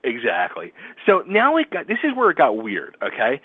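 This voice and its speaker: Excitable male radio host, phone-line sound. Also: mid-range voice, moderate pace, slightly rough, no echo. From Philadelphia area. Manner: excitable, laughs often, acts out quotes. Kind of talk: casual storytelling chat. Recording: tinny phone-line audio.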